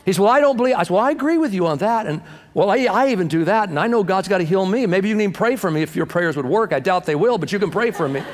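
A man preaching a sermon as pastor, animated, acting out the voices of people he quotes and swinging between loud and soft. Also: high voice, quick pace, long reverb tail.

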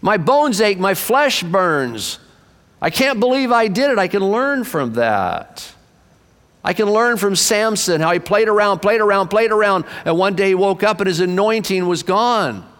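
A man in his sixties preaching a sermon to his church, impassioned, swinging from loud bursts to hushed low asides. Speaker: pastor. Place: church sanctuary. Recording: long reverb of a church hall.

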